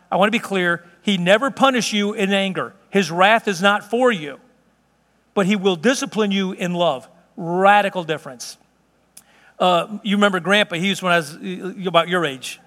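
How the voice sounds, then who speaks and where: High-voiced preaching man, echoey hall. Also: a bit bright. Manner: earnest, conversational preaching with vivid storytelling. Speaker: pastor. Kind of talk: sermon.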